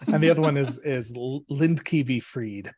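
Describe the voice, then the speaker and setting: A man, an attorney guest, explaining legal cases in a measured way, pausing often on ums and uhs. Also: medium pitch, darkish tone, no room sound.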